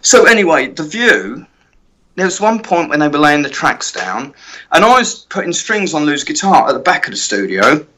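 A middle-aged man, a guitar tech, telling lively anecdotes in a casual interview and acting out other people's lines. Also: a little high, moderate pace. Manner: animated anecdote-telling with many quoted voices.

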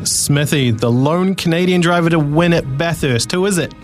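A man hosting a radio sports quiz, upbeat and teasing, with quick laughs. His voice sits a bit high for a man. Faint music plays under the broadcast. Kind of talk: casual radio chat.

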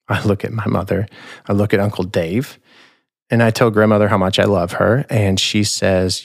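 A man in his thirties, a podcast host, telling a personal story in a measured, reflective, tender way. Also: fairly low pitch, level tone, gravelly. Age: 30s.

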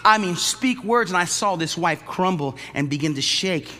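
A male pastor preaching a lively, joking sermon in a church, often acting out the people he describes. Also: sits high, moderate pace. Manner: animated, jokey, acts out quoted voices. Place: church sanctuary. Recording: long church hall reverb.

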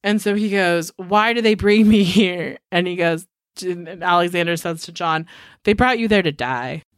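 A woman's voice: fairly low pitch, moderate pace, clean tone, no echo, clean studio sound. Woman casually swearing through a film recap. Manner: loose, profane retelling full of "like". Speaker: podcast co-host.

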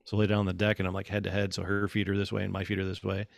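A man in his thirties chatting casually, telling a story with lively acted-out quotes. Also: sits low, racing, gravelly, no echo, clean studio sound. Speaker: guest. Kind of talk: casual conversation.

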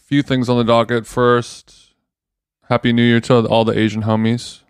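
A man with a smooth, resonant voice talks in a relaxed, joking way on a podcast, full of slang. The sound is dry and close, with no room echo. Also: mid-range voice, normal speed. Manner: joking, laid-back, slangy. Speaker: podcast co-host. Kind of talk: casual chat.

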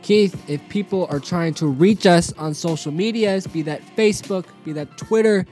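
A man's voice: high voice, moderate pace, darkish tone, soft background music. A man co-hosting a casual sports podcast, joking and bantering playfully. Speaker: podcast co-host.

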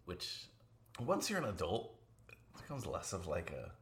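A man's voice: deep voice, huge pitch swings, moderate pace. A man co-hosting a podcast, casually and easily talking through a film. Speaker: podcast co-host.

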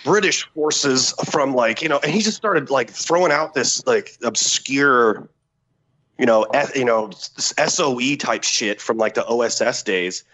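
A man, a former Special Forces soldier, telling a story as a podcast guest in a profane, animated way, acting out the dialogue. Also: medium pitch, a little slow. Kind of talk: casual war-story telling.

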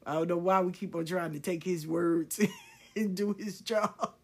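A woman's voice: on the low side, a little slow, slightly rough. A woman and spiritual reader telling her life story on a live video, laughing often, swearing freely and repeating herself to drive home an encouraging, preachy point.

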